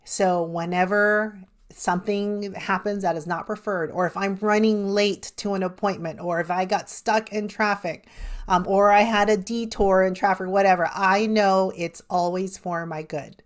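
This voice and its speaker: A woman's voice: mid-range voice, steady tone, moderate pace. Earnest woman life coach telling stories. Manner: earnest storytelling, laughs often. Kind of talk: podcast interview.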